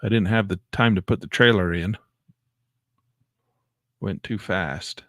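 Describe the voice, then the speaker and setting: A man giving excitable live commentary on his day trades, talking to himself and exclaiming as prices move. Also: low voice, a little slow, dry recording, clean studio sound. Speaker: day trading educator.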